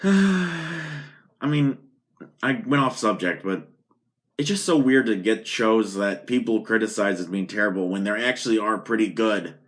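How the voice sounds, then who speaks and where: A man's voice: fairly low pitch, moderate pace, a bit bright, poor audio. A man talking on his own in a casual vlog, rambling from point to point with frequent halts and restarts. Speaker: vlogger. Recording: noticeable background noise.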